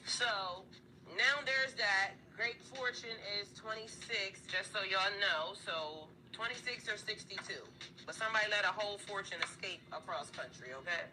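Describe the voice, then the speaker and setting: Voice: medium pitch, moderate pace, noisy background. A tarot reader giving a casual, blunt reading to viewers, swearing freely, laughing, and getting heated as the cards turn up. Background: background music.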